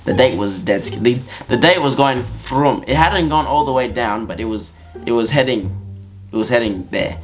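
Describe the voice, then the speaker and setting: A man tells a story-time anecdote to camera, animated and full of slang. His voice sits at an ordinary middle pitch, with faint music playing behind him. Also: normal speed. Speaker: vlogger.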